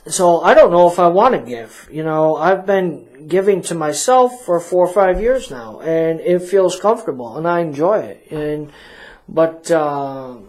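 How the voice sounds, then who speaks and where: A man's voice: on the high side, lively intonation, measured pace, a little mellow. A man hosting a casual radio talk show, rambling and joking at his own expense, with lots of fillers. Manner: rambling, self-mocking, full of fillers.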